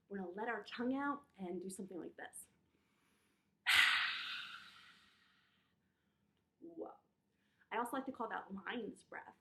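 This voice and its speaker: A woman reading a picture book aloud and leading children through yoga moves, animated and encouraging, in an echoey room. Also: medium pitch. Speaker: children's storyteller and yoga teacher. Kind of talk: children's story time with movement.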